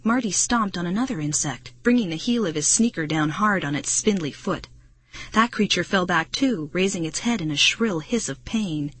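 A woman narrating a children's audiobook in a brisk, dramatic storytelling manner. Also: medium pitch, fairly bright tone, breathy edge, no echo. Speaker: audiobook reader.

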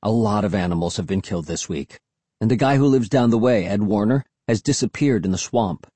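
A man voicing a grim, stern middle-aged father who speaks low and firm. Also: brisk, mellow, breathy edge, dry recording.

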